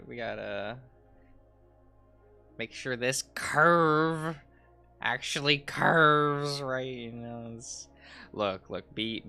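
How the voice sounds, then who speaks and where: Male streamer, casual drawing-stream chatter, rambling, chuckles a lot, hums under his breath, unhurried delivery. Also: medium pitch, creaky, bright, forceful tone, clean tone. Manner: rambling, laughs often, trails off and hums to himself. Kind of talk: casual livestream chat while drawing.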